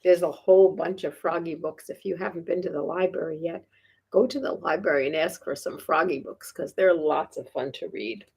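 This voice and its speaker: A woman's voice: low-pitched, moderate pace, gravelly, darkish tone, breathy edge. A woman reading a picture book aloud to young children, playful and chuckling, often asking her listeners questions. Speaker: children's storytime reader.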